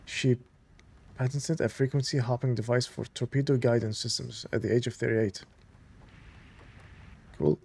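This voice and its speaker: Excited man reading game documents aloud. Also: medium pitch, moderate pace, vocal fry, long pauses, slightly rough. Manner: reads in-game documents aloud, enthusiastic fan asides. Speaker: gamer playing through a story game. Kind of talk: casual let's-play commentary.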